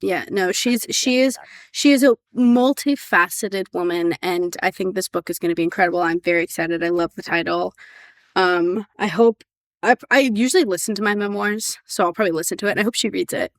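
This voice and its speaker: A woman's voice: on the low side, a little fast, no room sound. Woman, podcast co-host, casual chat, enthusiastic, giggly, dry sound.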